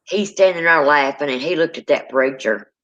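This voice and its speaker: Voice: medium pitch, moderate pace, fairly bright tone. A speaker, telling a true ghost story in casual spoken style and acting out the people in it. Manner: dramatic, acts out quoted people. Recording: dull lo-fi sound.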